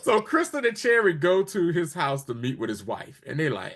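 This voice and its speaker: On a podcast, a male co-host with a fairly high voice recaps a TV episode in casual chat, speaking at normal speed with hardly any pauses. He's animated and acts out the characters' lines as he retells the story.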